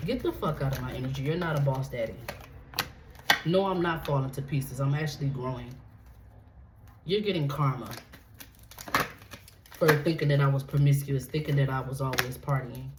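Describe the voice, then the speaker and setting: Her voice is deep, almost bass, and she talks at a normal pace but leaves long pauses while giving a tarot reading. She's blunt and profane, asking "okay?" after nearly every point, and the echoey room carries steady background noise.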